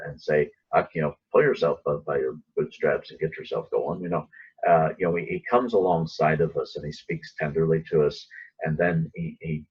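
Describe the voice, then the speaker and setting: Very deep, husky man teaching the Bible. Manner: conversational, acts out quoted lines. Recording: dull lo-fi recording.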